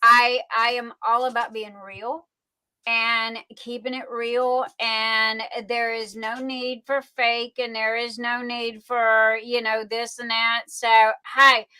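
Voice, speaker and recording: A woman's voice: a little high, level tone, takes it slowly, pushed and bright, clean tone, no room sound. A woman from New Orleans with a Southern Louisiana accent, hosting a casual livestream chat in a chatty, folksy way. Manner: chatty, folksy, calls people honey and sweetie. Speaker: livestream host.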